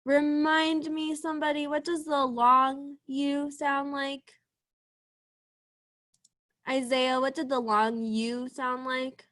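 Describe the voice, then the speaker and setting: A young woman teaching a young class over a video call, drawing out sounds slowly and encouraging the children. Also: high voice, flat delivery, a bit bright. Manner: slow, encouraging, drawn-out sounds. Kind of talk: online class lesson.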